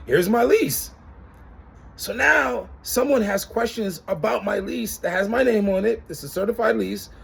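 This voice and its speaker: Animated, gravelly-voiced man ranting. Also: high voice. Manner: animated, exasperated storytelling with acted-out quotes. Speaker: customer reviewing an insurer. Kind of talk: casual vlog rant.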